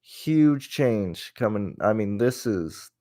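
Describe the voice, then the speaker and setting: A man's voice: fairly low pitch, lively intonation, takes it slowly, mellow. A man hosting a casual livestream, rambling and cursing as he vents his frustration. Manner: rambling and profane, with many restarts; frustrated and venting. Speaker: host.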